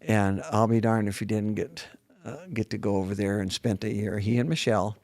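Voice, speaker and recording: A man's voice: lowish voice, level tone, brisk, darkish tone. An older man whose first language is German, chatting casually as a guest, laughing often and poking fun at himself. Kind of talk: casual interview chat.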